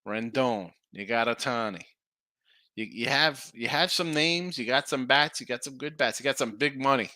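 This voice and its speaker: Chatty, bright-voiced middle-aged man hosting. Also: medium pitch, moderate pace, no echo. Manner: rambling, chatty, reads viewer chat aloud. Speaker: sports betting show host. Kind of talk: casual live-stream commentary.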